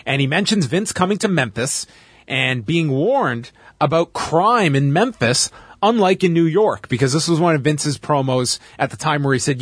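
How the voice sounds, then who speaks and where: A man's voice: fairly high pitch, normal speed, no room sound, studio quality. A Canadian man hosting a podcast, animatedly recapping events in casual chat and laughing along. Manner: animated storyteller who laughs while recapping. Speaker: podcast host.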